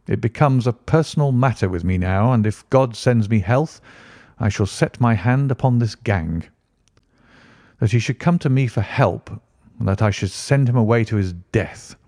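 A man voicing a keen, brooding Victorian detective in an audiobook reading, speaking in a precise, measured way. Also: mid-range voice, a little mellow, dry recording, clean studio sound, natural voice. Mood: stung, resolute.

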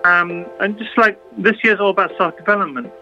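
A woman's voice: medium pitch, brisk, bright, forceful tone. A woman, a busking musician, speaking hesitantly with many fillers in a radio interview. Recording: dull lo-fi sound with faint music.

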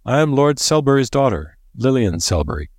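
A man's voice: mid-range voice, big pitch swings, normal speed, no room sound, voice pushed up. A man voicing a cheerful, blind young noblewoman in a lilting, lifted voice. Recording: dry close recording.

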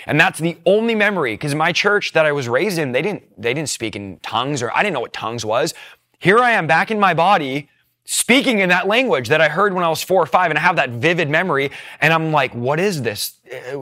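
A man's voice: a little high, bright, forceful tone. A young man telling his personal faith testimony, earnest and emotional, tearful as he speaks.

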